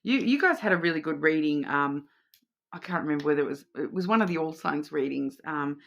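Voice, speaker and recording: A woman's voice: deep voice, expressive, a little fast, creaky, fairly bright tone. Chatty Australian woman reading cards. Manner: chatty, reassuring, many fillers and restarts. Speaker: card reader. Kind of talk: casual card reading to camera.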